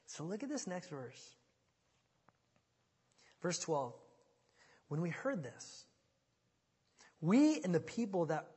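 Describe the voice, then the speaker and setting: A man preaching a sermon in a casual, conversational way, swinging from loud pleading to quiet, low asides. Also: sing-song, slow, pauses often, husky. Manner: conversational, dramatic retelling with big swings in volume. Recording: reverberant hall.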